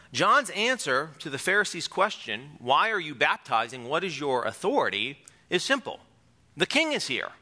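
Man, sermon, earnest and emphatic, very bright tone, lively pitch. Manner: earnest, emphatic, reads scripture aloud. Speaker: preacher.

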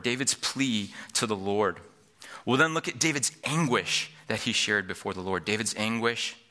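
A man's voice: mid-range voice, sharp tone. A middle-aged man preaching a sermon as pastor, earnest, repeating each point for emphasis.

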